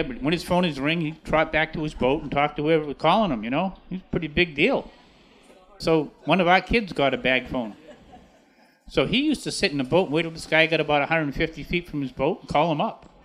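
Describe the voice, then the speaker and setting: A man's voice: a little high, fairly bright tone. A man, a shell fisherman, telling a story with amusement. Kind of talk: storytelling interview.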